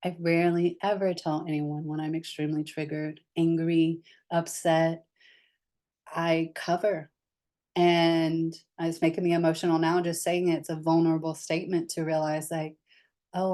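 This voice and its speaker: A woman leading a somatic therapy lesson, candid and gentle, often speaking softly as she guides the group. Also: sits low.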